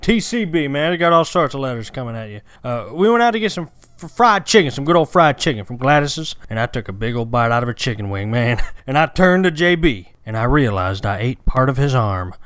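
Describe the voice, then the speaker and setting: A man's voice: mid-range voice, lively intonation, fairly quick, hardly any pauses, a bit bright, smooth, no room sound, close to an everyday voice. A man putting on the voice of a drawling Elvis-style rock-and-roll king who spins absurd rambling tall tales, sprinkling "man" and "boy" everywhere. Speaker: comedy sketch performer.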